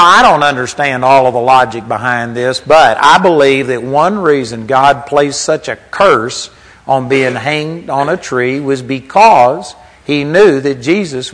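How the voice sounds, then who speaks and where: A man's voice: medium pitch, poor audio. A man preaching a sermon in a conversational teaching manner, reading scripture aloud as he goes.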